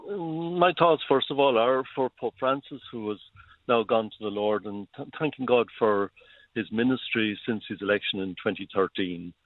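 Archbishop on a tinny phone line. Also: male voice, mid-range voice, no echo. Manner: slow, deliberate, solemn. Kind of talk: phone interview.

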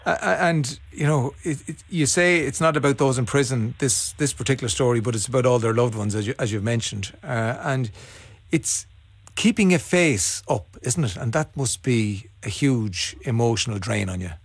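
A man's voice: mid-range voice, moderate pace, dry recording. A male radio host interviewing contributors, who stumbles and restarts as he speaks. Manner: warmly hesitant, with stammered restarts.

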